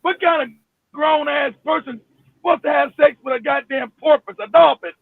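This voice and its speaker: A man hosting a live stream, ranting with emphasis and profanity, often shouting and repeating himself. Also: very high voice, steady tone, normal speed, vocal fry, no room sound. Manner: repeats himself, many restarts. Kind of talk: heated live-stream rant. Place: home in Florida. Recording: phone-like, dry, narrow sound.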